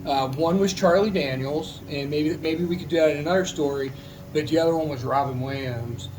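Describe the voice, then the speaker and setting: A man's voice: fairly high pitch, a little fast, noisy background. A man, a military veteran, telling a personal story in a casual, heartfelt, rambling way, with many restarts.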